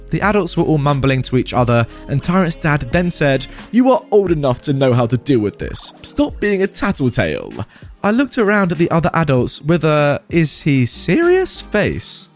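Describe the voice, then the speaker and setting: A man narrating a scripted first-person story with animated delivery. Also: medium pitch.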